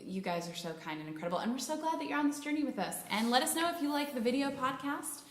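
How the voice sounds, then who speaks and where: A young woman co-hosting a podcast, chatting in a bubbly, gushing way with quick asides. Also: high-pitched, expressive, slight background noise. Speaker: podcast co-host. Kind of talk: casual chat. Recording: roomy echo.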